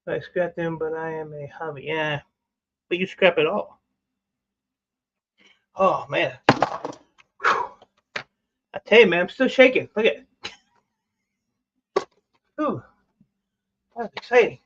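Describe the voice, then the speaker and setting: He speaks slowly in a slightly high voice, pausing often, as he breaks down electronic scrap on a casual livestream. His excitement spills out in gushing exclamations about his discoveries, and the sound is missing its highs with a faint hiss or hum.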